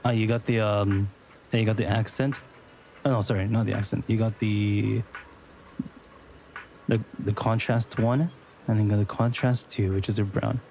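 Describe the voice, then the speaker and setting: A man's voice: fairly low pitch, little pitch movement, moderate pace, vocal fry, long pauses, a little mellow, faint music behind. Chatty young male streamer gushing. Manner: chatty, joking, gushing about designs. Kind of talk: casual live-stream commentary.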